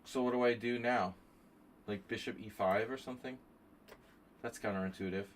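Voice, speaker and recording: A man streaming chess, chatting casually and thinking out loud with joking asides to his viewers. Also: mid-range voice, steady tone, normal speed, a little hiss or hum. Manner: chatty, thinking aloud, jokey asides to chat. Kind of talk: casual live-stream commentary.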